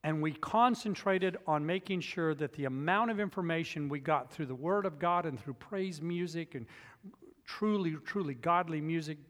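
A man's voice: fairly high pitch, normal speed, fairly bright tone, long reverb tail. A man preaching a sermon as pastor, emphatic and repetitive, telling personal stories to make his points.

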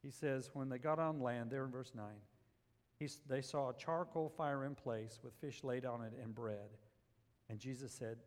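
A man preaching a sermon, climbing to loud emphatic peaks and dropping to quiet, low passages. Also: normal speed, big-room sound. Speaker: pastor.

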